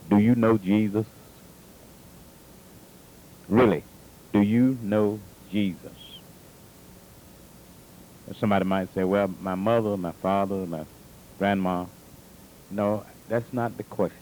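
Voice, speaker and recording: A man preaching a sermon in slow, deliberate questions. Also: fairly low pitch, fairly even intonation, warm tone, a little hiss or hum, poor audio.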